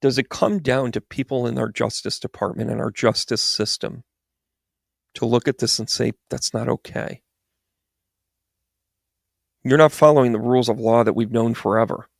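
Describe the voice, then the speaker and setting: A man's voice: medium pitch, fairly even intonation, fairly quick, creaky, no room sound, studio quality. A man giving a rambling, exasperated political commentary monologue with sarcastic asides. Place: New York.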